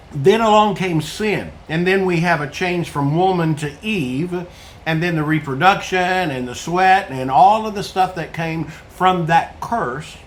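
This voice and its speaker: A man's voice: a little high, a little hiss or hum. A man preaching an earnest online sermon to viewers, who repeats his points and asks rhetorical questions.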